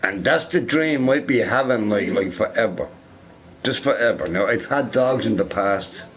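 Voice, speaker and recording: A man with a somewhat low voice chats loosely while he plays a game. He rambles, laughs at his own stories and fills his talk with "you know" and "right". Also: normal speed, fairly bright tone. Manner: rambling, laughing, fond of filler words. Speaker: gamer. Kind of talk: rambling casual chat while playing a game.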